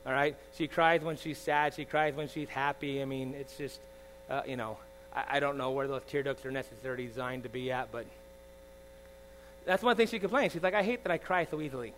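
A man in his forties preaching a sermon, swinging from loud emphatic lines to soft confiding asides, often asking the congregation "all right?". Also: medium pitch, fairly quick, rough recording. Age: 40s. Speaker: pastor. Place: church. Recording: faint mains hum.

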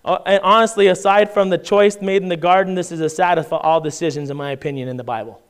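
A pastor preaches in a conversational style, reading scripture aloud in King James fashion and checking in with listeners through frequent "right?" asides. His smooth, resonant voice sits a bit higher than most men's, with fairly even intonation, a fast pace, and restarts along the way.

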